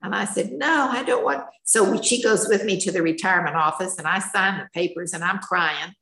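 A lowish, sharp-toned female voice holds a steady tone and moves fairly quickly, recorded in a room with echo. The speaker is an older retired schoolteacher sharing her life story in a frank, plain, folksy way.

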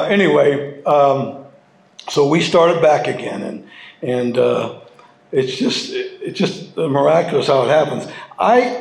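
A man sharing his personal story with an audience at a recovery meeting, halting and heartfelt, restarting and repeating his words as he goes. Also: fairly high pitch, creaky. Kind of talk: personal testimony to a live audience. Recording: roomy hall sound.

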